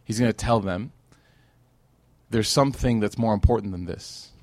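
Speaking at a normal speed in a lowish voice, this male religious teacher delivers an animated, story-driven lecture to a live crowd. He peppers it with rhetorical questions and plays out quoted people, and the recording is dry.

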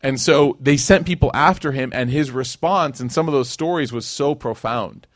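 A man's voice: medium pitch, normal speed, no room sound, studio quality. A man from Chicago teaching a conversational sermon, telling stories with slang and acted-out quotes. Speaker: Islamic teacher. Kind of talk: casual sermon.

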